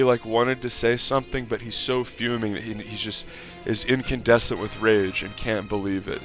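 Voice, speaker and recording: A man doing mock play-by-play commentary over a game clip and ranting in a profane, exasperated way, sometimes breaking into shouts of excitement. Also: medium pitch. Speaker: online video commentator.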